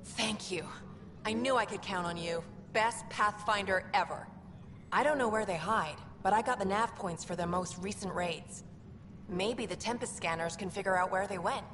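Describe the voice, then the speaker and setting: A woman's voice: medium pitch, moderate pace, long reverb tail, background noise, close to an everyday voice. An actress voicing an earnest young woman working as a station comms officer, eager and confiding as she talks.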